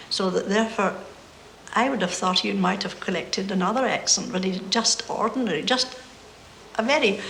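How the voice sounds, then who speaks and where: A woman speaks in a genteel, deliberate manner, choosing her words carefully. The recording is roomy and echoey, with a faint hiss. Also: medium pitch, a bit bright.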